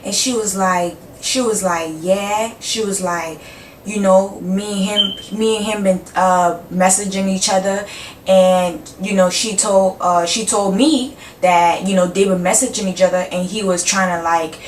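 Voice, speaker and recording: A woman's voice: mid-range voice, unhurried. A young woman in a casual storytime vlog, cursing freely and acting out both sides of each conversation. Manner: animated, acts out both sides of dialogue, frequent cursing. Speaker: vlogger. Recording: roomy sound from a distant mic with faint background hum.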